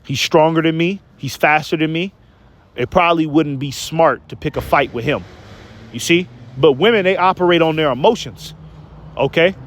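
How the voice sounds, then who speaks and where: A man's voice: fairly high pitch, normal speed, a bit bright. A man preaching a heated rant, reading scripture aloud, stumbling on words and tagging his points with "okay?" and "man". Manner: emphatic, keeps asking "okay?" and "man". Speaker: online preacher.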